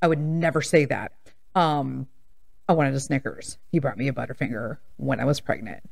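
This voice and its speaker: A woman in her fifties hosting a podcast, telling candid stories in a blunt, sassy, animated way. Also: extremely low pitch, moderate pace, creaky, breathy edge. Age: 50s. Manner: blunt, animated storytelling with laughs and sass. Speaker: podcast host. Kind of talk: candid casual monologue.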